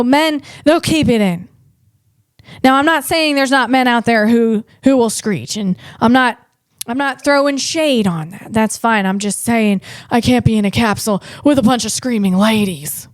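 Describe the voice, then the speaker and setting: A woman comedian hosting a podcast, delivering a rambling, animated comic monologue full of restarts. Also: fairly high pitch, dry recording, clean studio sound.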